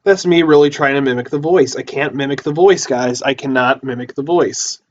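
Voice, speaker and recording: A man's voice: medium pitch, normal speed. A man hosting a casual livestream from a basement, rambling and repeating himself with lots of fillers, recorded on a phone or computer mic. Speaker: livestream host. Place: house basement. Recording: dull lo-fi phone audio.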